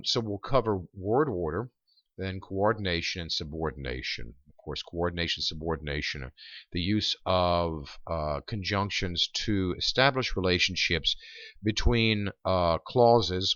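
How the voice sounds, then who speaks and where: A man, a writing instructor, explaining over slides in a recorded lecture, pausing often with ums and uhs. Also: sits low, fairly bright tone, no room sound, highs cut off.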